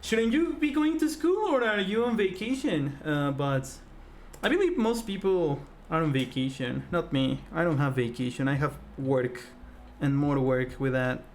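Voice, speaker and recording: Lively, rambling streamer chatting while drawing. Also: mid-range voice, unhurried, slight background noise. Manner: rambling and chatty, with frequent fillers and self-corrections; laughs easily, with sudden excited outbursts. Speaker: live-stream host. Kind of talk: casual live-stream chat while drawing.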